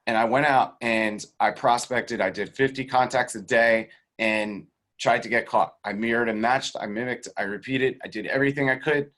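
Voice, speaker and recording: A man being interviewed as a sales coach, teaching in a casual, animated way and acting out the voices of the people in his stories. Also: lowish voice, normal speed. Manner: animated storyteller who acts out quoted voices; swears casually and laughs between points. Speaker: guest real estate sales coach.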